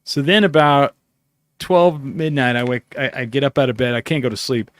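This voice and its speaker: Here a man hosting a podcast tells a sprawling story at a moderate pace, his mid-range voice recorded with no echo. He curses often and acts out parts of the conversation in this casual storytelling chat.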